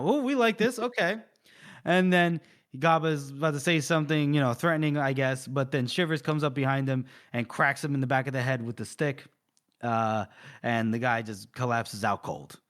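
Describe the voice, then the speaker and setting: A man co-hosting a book podcast, retelling a chapter in an animated, casual way with swearing and laughter. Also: medium pitch, moderate pace. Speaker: podcast co-host. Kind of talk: casual book-discussion chat.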